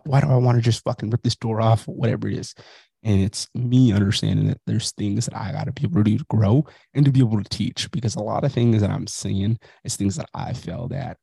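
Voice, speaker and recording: A man's voice: on the low side, fairly quick, vocal fry, warm tone, husky, no room sound. A man in his thirties hosting a podcast, talking bluntly and profanely in a casual motivational monologue, while dealing with a migraine. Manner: blunt, profane, self-reflective. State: has a migraine. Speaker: podcast host.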